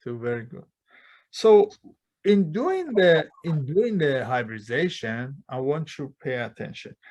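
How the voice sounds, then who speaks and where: A very animated man with a slightly higher-than-average, darkish voice lectures a chemistry class in a lecture hall at a measured pace. He quizzes the room with frequent rhetorical questions he answers himself, in conversational style. Plurals and articles go missing in his non-native grammar.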